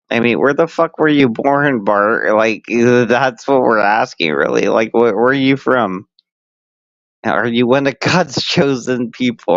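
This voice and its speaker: A live streamer, a man with a medium-pitched voice, chats casually and crudely, rambling with plenty of fillers and frequent laughter. The audio has no echo but sounds dull and lo-fi, like a typical stream.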